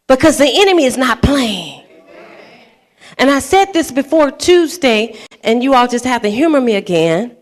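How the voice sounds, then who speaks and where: A woman pastor in her fifties preaching a sermon, telling a personal story with laughter and building to shouted preaching. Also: high voice, very animated, normal speed. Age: 50s. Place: church sanctuary.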